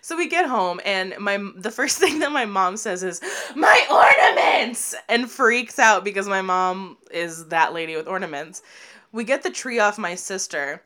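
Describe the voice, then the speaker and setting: A woman's voice: medium pitch, moderate pace. A young woman in casual podcast chat, telling a family story with lots of laughter and acted-out voices of relatives. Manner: animated, laughing often, acts out quoted family voices.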